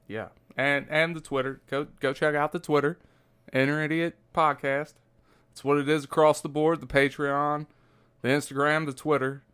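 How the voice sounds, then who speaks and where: A man's voice: fairly high pitch, level tone, normal speed, a bit bright, clear, resonant tone. A man co-hosting a podcast in casual chat, delivering crude one-liners and plugging the show. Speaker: podcast co-host.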